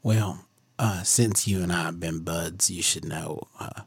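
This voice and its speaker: Dude doing a shifty smooth-talking mercenary in a tabletop game, low-ish voice, rambles on, dry sound. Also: male voice, measured pace, no echo, full character voice. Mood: sly. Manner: rambling, sly, drops to a conspiratorial hush.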